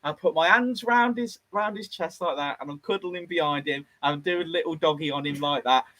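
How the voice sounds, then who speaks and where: A man's voice: on the high side, normal speed, dry recording, rough recording. A man, telling a casual story from his garage workshop and acting out the other voices. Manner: lively, animated, acts out the other voices.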